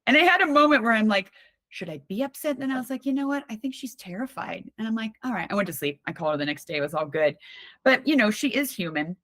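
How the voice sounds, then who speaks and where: A woman on a podcast as a guest, talking in a candid, animated, conversational way with frequent restarts. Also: on the high side, fast talker, no echo. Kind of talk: casual conversational storytelling.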